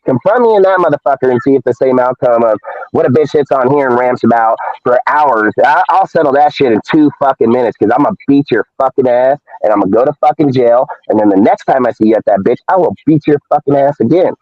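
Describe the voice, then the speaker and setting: A man's voice: medium pitch, animated, quick pace, no room sound. A man hosting a live show, ranting in a heated, profane, confrontational way. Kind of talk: live-stream rant. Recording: dull lo-fi dry stream audio.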